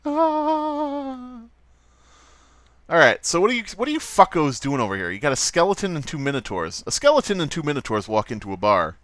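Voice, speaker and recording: A man's voice: mid-range voice, huge pitch swings, fast talker, few pauses, fairly bright tone, dry recording. A man hosting a let's play, giving rambling, profane, wry commentary over gameplay.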